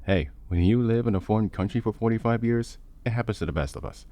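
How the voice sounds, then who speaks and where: A man voicing a calm, easygoing middle-aged brother who has lived abroad for decades, in a relaxed, teasing way, for a fan-made audio story. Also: on the low side, fast, no room sound, pitched above the performer's own voice, natural voice.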